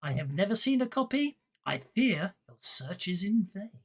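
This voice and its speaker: A polite, secretive bookseller speaks with formal courtesy, as a man game master puts him on. He talks slowly and gravely in a plain, everyday voice. It is a tabletop game. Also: high-pitched, big pitch swings, full character voice. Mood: ominous. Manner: formal, slow, ominous.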